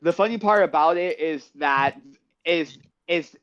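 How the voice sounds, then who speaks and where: A man's voice: a little high, fairly bright tone, lo-fi sound. A man in casual chat, agreeing and swearing, stumbling over his words as he starts again. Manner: halting, agreeable, sweary, restarts a lot.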